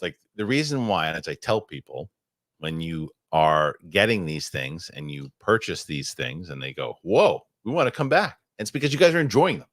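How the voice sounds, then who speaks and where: A low-pitched man from the United States hosts a podcast with a swinging, animated delivery. He rambles excitably through chat and ad reads, and his middle-aged voice sounds close and dry. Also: dry recording. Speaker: podcast host. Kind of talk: casual chat and live ad reads.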